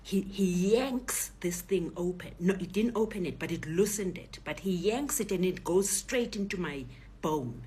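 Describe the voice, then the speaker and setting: A middle-aged South African woman, a Zulu speaker, telling a personal story in a lively way and acting out the other voices. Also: fairly low pitch, moderate pace, slight background noise. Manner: animated retelling, acts out voices and shouts.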